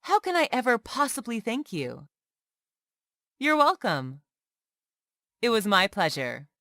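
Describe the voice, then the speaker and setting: A woman reading short everyday English phrases aloud one by one, clearly and carefully, as a language lesson. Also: on the high side, wildly swooping pitch, takes it slowly, a bit bright, no echo, studio quality. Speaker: English teacher.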